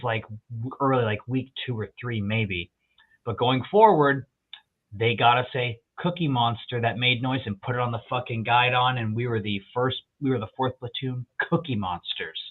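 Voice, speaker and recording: A man telling profane army stories in a casual podcast chat, acting out other people's lines as he goes. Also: medium pitch. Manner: profane, animated storyteller, quotes others in voices. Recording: tinny phone-like line.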